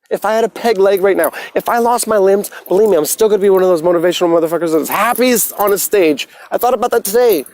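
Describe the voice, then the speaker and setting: A man talking casually into his phone on a livestream, preaching about the mind and meditation with lots of swearing, swinging from soft musing to loud ranting. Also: sits high, quick pace, few pauses, no echo. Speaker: motivational livestreamer. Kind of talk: casual rambling livestream rant.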